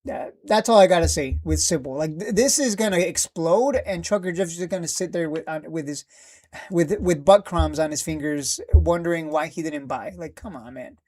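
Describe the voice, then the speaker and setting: A man's voice: a little high, normal speed, a little mellow. A man hosting a live trading stream, ranting bluntly and with plenty of swearing, repeating himself in exasperation.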